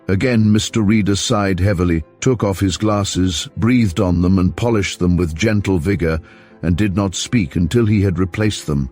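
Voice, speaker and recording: A man reading a crime novel aloud in an even, measured way as audiobook narrator. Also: sits low, faint music behind. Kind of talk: scripted narration.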